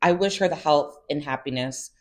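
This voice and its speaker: A woman's voice: deep voice, normal speed, a little mellow. A woman hosting a casual reality TV recap, chatty and sassy with exasperated asides.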